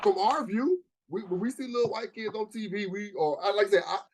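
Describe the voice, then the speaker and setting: A man argues his side in a loose podcast conversation, laid-back and full of slang. His voice sits a little above the usual male pitch. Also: brisk. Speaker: podcast co-host. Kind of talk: casual chat.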